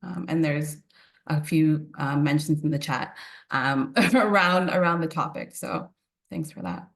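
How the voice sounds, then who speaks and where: A woman's voice: low voice, animated, unhurried. A woman hosting a panel on a video call, asking questions in an encouraging way with frequent restarts. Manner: warm, encouraging, hesitant restarts. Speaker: host, moderator.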